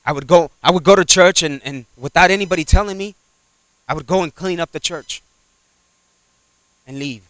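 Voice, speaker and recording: A man preaching a sermon, swinging from loud exhortation to quiet asides and acting out little dialogues. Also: on the high side, normal speed, pauses often, no echo. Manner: acts out little dialogues in character voices.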